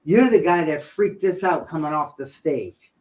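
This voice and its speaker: A middle-aged man co-hosting a talk show, telling a story in a playful, animated way and acting out what people said. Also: fairly high pitch, normal speed, poor audio. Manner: animated, playful storyteller who acts out quotes. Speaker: podcast co-host. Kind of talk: casual storytelling chat.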